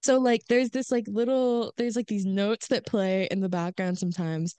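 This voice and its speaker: A woman co-hosting a podcast in casual chat, animated and acting out quoted lines. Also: mid-range voice, normal speed, clean tone, no room sound. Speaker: podcast co-host.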